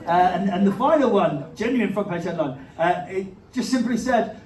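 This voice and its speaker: Chatty comedian in a roomy venue. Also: male voice, high voice, animated, measured pace. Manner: chatty, self-mocking, laughs at his own jokes. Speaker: stand-up comedian. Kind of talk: live stand-up set. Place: live comedy venue with an audience. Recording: roomy venue audio, captured from a distance with crowd laughter. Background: audience laughter.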